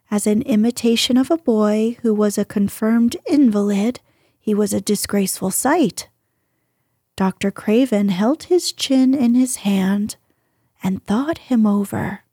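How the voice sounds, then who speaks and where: A woman reads a storybook aloud in a soft, gentle way, often drifting toward breathiness. Her voice is husky and mellow. She reads slowly, and the sound is dry and close. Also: medium pitch, no room sound. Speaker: narrator. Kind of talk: storybook narration.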